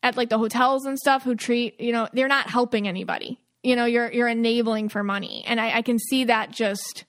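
A woman's voice: fairly high pitch, steady tone, brisk, fairly bright tone. A woman co-hosting a podcast, talking in a musing, emotional way about her intuitive impressions. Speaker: podcast co-host. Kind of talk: casual podcast chat.

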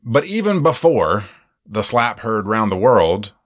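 A man co-hosting a casual film-review podcast, rambling and animated, laughing often. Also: lowish voice, a little slow, no echo, studio quality. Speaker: podcast co-host.

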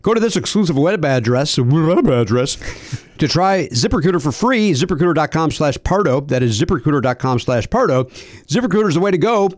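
A man's voice: on the high side, lively intonation, fast, dry recording. Dry, teasing man reading ads. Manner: teasing, playful. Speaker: podcast host. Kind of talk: ad read with banter.

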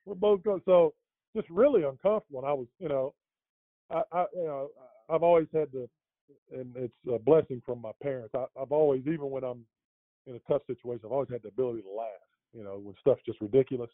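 A man's voice: medium pitch, fast talker, no echo. A middle-aged man telling a long anecdote in a casual interview, rambling with lots of fillers and restarts and chuckling as he goes. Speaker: interview guest. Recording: dry, tinny phone-like line.

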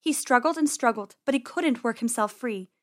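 A woman reads a children's story aloud with lively, expressive phrasing. Her voice sits somewhat high. The recording is close and dry. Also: moderate pace, no echo.

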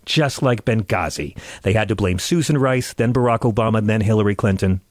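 A man's voice: fairly low pitch, fairly quick, no room sound, clean studio sound. Sarcastic, profane male talk host. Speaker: political talk show host. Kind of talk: scripted political commentary monologue.

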